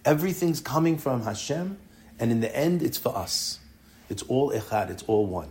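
A man teaching a classroom Torah lesson, explaining earnestly through rhetorical questions and often dropping to a low, intense voice. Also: animated, moderate pace, a little mellow.

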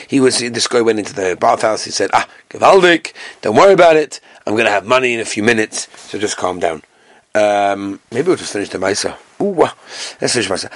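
A man teaching a Talmud class with Yeshivish Ashkenazi Hebrew pronunciation, reading the text and telling the story with animated storytelling. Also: slightly rough, no room sound. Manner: animated storytelling, acting out characters with big jumps in pitch.

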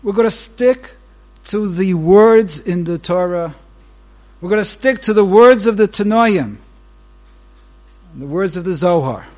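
High-voiced, slow-speaking rabbi lecturing. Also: male voice. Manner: unhurried, pausing between short phrases; animated storyteller whose pitch leaps while telling a joke. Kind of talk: Torah lecture opening with a joke.

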